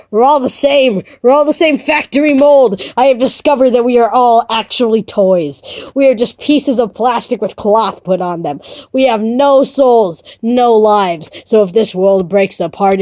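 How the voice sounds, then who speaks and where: A woman voicing a despairing doll girl who turns into a cold killer, speaking flatly and bitterly, in a casual story pitch. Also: normal speed, dry recording, clean studio sound, lightly acted.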